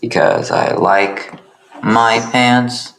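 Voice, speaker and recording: A man improvising comedic narration for his own animated series, rambling and making self-deprecating asides. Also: lowish voice, extremely slow, creaky.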